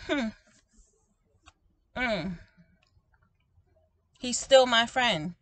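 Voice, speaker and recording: A woman preaching informally to her online viewers, animated and emphatic, often asking "okay?" and calling them "baby", with frequent laughs. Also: fairly high pitch, extremely slow, pauses often, no room sound. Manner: laughs often, swinging between loud exclaiming and soft talk. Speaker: prophetic minister speaking to online viewers.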